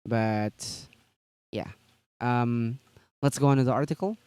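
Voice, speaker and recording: A man's voice: medium pitch, takes it slowly, darkish tone, clean tone, no echo. A man co-hosting a tabletop gaming news stream, chatting casually and rambling with lots of fillers and restarts.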